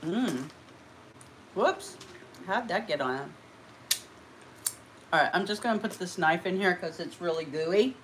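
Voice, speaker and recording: Slow-talking chatty woman livestream host. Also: lowish voice, animated, background noise. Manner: chatty, giggly, talks to viewers and friend. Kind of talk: casual livestream chat while eating.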